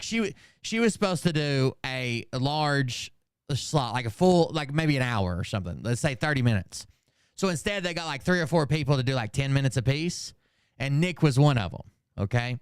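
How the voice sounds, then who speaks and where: His voice is on the high side and smooth as he rambles casually on his commentary channel, forgetting names and muttering profanity in asides. The recording is dry, with clean studio sound.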